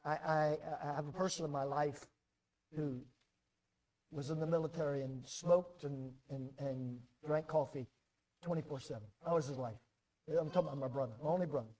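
A middle-aged American pastor delivering a sermon in a fairly high voice. He often repeats words as he builds a point, and he moves between loud emphasis and quiet, measured passages. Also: steady tone.

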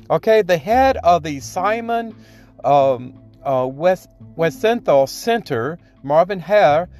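A man's voice: a little high, a little mellow. A man hosting a podcast, giving solo opinion commentary in a rambling, indignant way, often tagging his points with "okay?" and trailing off into fillers. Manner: frequent fillers and restarts, indignant. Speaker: podcast host.

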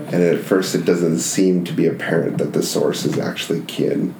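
Gravelly low-voiced man playing a tabletop game. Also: fairly even intonation, normal speed, a little mellow. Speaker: player. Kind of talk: tabletop role-play, speaking as his wizard. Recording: echoey room with some background noise.

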